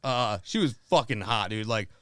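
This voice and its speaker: A man's voice: lowish voice, expressive, normal speed, a bit bright, no room sound, clean studio sound. A man from Florida, a stand-up comedian guesting on a podcast, telling casual comic stories in a profane, rambling way full of likes and dudes.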